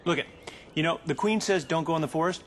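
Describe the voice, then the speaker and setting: An actor playing a whiny, cowardly comic sidekick with a theatrical manner. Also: male voice, on the high side, quick pace, slight background noise, lightly acted.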